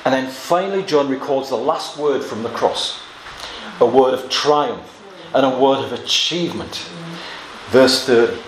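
A man preaching an expository Bible sermon, earnest, moving between quiet reading of scripture and emphatic exclamations. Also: medium pitch, expressive, a little slow. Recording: echoey room with faint ambient noise.

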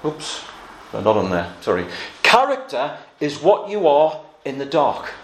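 A man preaching a sermon, earnest and emphatic, slowing down to stress quoted verses. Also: a little high, huge pitch swings, reverberant.

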